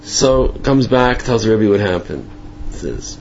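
A man telling a folk tale in a casual, halting way, often repeating words and restarting. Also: on the low side, lively intonation, slight background noise. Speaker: storyteller. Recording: muffled lo-fi with faint ambience.

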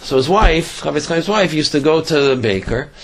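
A man teaching a religious lesson by telling a story, halting often, repeating words and restarting his sentences. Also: on the high side, expressive, gravelly.

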